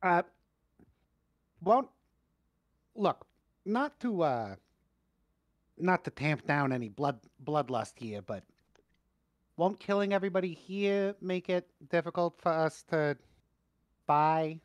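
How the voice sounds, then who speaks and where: A man's voice: on the high side, animated, takes it slowly, pauses often, dry recording. A man playing in a tabletop game, making wry, hedging remarks. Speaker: player. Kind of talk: casual chat during a tabletop game.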